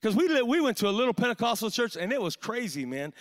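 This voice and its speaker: A man's voice: high-pitched, big pitch swings, fast talker. A male pastor, preaching a sermon in an impassioned, storytelling way with lots of "man" fillers.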